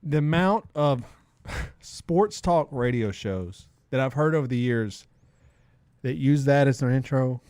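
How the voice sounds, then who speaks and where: Man, middle-aged, podcast co-host, excitable, emphatic, laughs a lot, dry close sound. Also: medium pitch, unhurried, clean tone, dry recording. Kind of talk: casual podcast chat.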